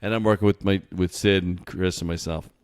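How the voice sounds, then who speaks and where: A man co-hosting a podcast, telling work anecdotes in a casual, animated way and laughing as he goes. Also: low-pitched, fairly quick, clean tone. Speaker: podcast co-host. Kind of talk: casual storytelling.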